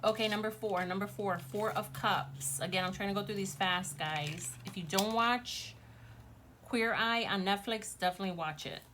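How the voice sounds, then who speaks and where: A woman's voice: medium pitch, normal speed, background noise. A woman casually chatting to viewers as she gives a tarot reading, gushing and talking straight to her audience. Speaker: tarot reader.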